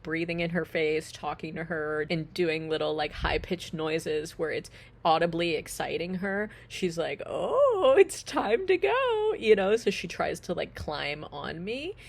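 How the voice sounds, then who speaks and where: A young woman vlogging outdoors on a farm, talking to the camera and cooing in high baby talk to her pigs. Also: vocal fry. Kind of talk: casual vlog talk to pets and camera. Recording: outdoor noise and animal sounds behind.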